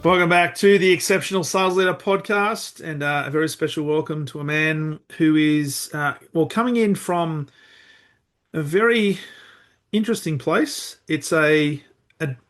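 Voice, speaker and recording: A man hosting a podcast, interviewing a guest in an upbeat, energetic way. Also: on the high side, normal speed, faint music behind. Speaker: podcast host.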